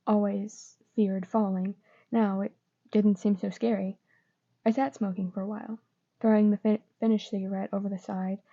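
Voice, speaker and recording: Woman reader, fan fiction; subdued, monotone, muffled lo-fi audio. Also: mid-range voice, vocal fry. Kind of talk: reading fan fiction aloud. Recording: dull lo-fi recording.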